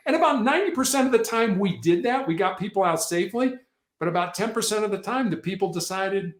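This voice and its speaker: A man's voice: sits high, animated, fairly quick. A man guesting on a podcast, earnestly explaining his past work as a negotiator in a casual, storytelling way with frequent restarts. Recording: echoey room.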